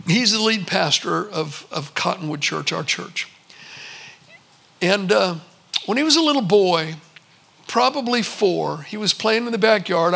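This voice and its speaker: A man in his sixties preaching a sermon, telling stories and slowing for emphatic pauses. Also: high-pitched, creaky, pushed and bright. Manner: storytelling, with slow emphatic pauses. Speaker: pastor.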